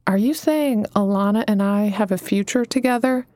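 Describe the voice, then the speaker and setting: A woman's voice: mid-range voice, moderate pace, warm tone, dry recording, clean studio sound, lightly acted. A woman voicing an earnest, anxious man in recovery who sounds hesitant and pleading, in an audiobook. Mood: worried.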